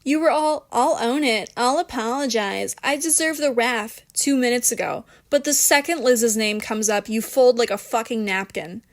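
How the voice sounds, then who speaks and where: A woman voicing an angry young woman who scolds in a sharp, cutting, scornful way. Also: fairly high pitch, moderate pace, hardly any pauses, natural voice.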